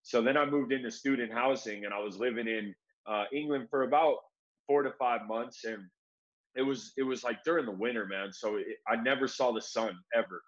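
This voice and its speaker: A man's voice: mid-range voice, a little fast, dull audio. Laid-back man telling a story. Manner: laid-back, says "bro" a lot, acts out quoted voices. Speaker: guest. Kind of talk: casual storytelling.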